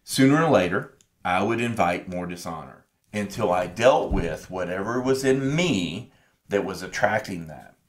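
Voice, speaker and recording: Earnest storytelling man, lowish voice. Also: expressive, normal speed. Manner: earnest, reflective storyteller who acts out his own past dialogue. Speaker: podcast co-host. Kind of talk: personal storytelling in a casual podcast chat.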